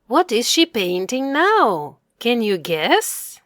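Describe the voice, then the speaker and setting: A woman giving an English reading lesson to a child, saying words slowly and clearly and repeating them for the learner. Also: a little high, sing-song, a bit bright, no echo, studio quality.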